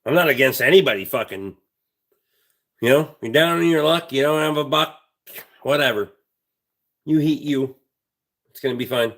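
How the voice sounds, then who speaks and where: A man's voice: mid-range voice, normal speed, pauses often, fairly bright tone. A man hosting a livestream, telling a rambling story in a blunt, heavily profane way. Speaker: livestream host.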